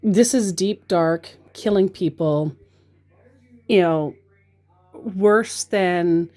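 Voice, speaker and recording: A woman telling stories of her chats with scammers in a casual vlog, wry and joking, with many pauses and fillers. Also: fairly low pitch, mellow.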